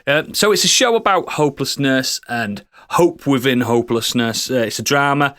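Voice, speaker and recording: A man's voice: medium pitch, animated, normal speed, hardly any pauses, fairly bright tone, dry recording, clean studio sound. A man hosting a podcast in casual chat, joking, rambling and swearing now and then. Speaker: podcast host.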